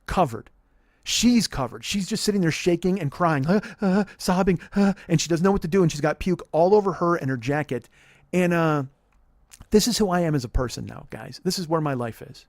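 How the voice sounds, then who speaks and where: Fast-talking, profane man telling a story. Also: a little high, lively intonation, no room sound, studio quality. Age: 40s. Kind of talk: storytelling comedy podcast.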